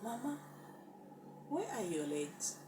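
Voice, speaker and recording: A woman's voice: mid-range voice, very animated, slow. A woman quoting her young daughter, asking plain, unbothered questions. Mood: curious. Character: young girl, calm and matter-of-fact. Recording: distant roomy recording with background noise.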